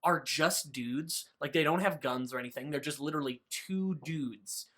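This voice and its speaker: Bright-voiced podcast host recapping a book. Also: mid-range voice, moderate pace. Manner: loose and profane, full of "like" fillers. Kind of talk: casual book recap chat.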